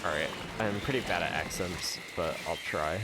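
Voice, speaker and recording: A man's voice: sits low, moderate pace, noisy background. A man hosting a game stream, talking in an easygoing, good-natured and dry way with his co-player. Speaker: stream host. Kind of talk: casual gaming banter on stream.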